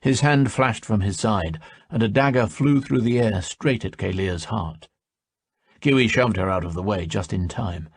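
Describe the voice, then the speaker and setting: A man narrating an audiobook in a measured storytelling manner. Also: on the low side, husky, no echo.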